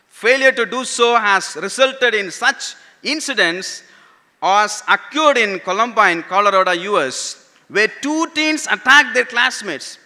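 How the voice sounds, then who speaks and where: A man's voice: high voice, sharp tone. A pastor preaching a sermon to his congregation. He asks questions and repeats key phrases for emphasis. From India. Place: church hall. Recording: church hall with long reverb.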